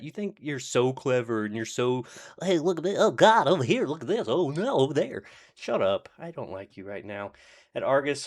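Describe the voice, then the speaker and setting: A man with a fairly low voice rambles through a casual TV episode recap. He is sarcastic and swears freely. He trips over fillers and restarts. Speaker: TV show reviewer.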